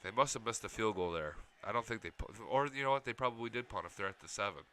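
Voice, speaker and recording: Excitable young guy reacting to football highlights, swears a lot, bright low voice. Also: fast talker. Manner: excitable, profane, shouts at big plays. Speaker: fan commentating game highlights. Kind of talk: casual fan reaction commentary.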